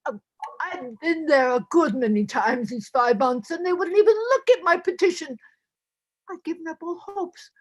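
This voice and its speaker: A woman's voice: sits high, normal speed, lightly acted. A woman voicing an elderly widow in a stage play reading, pleading in a whining, tearful way.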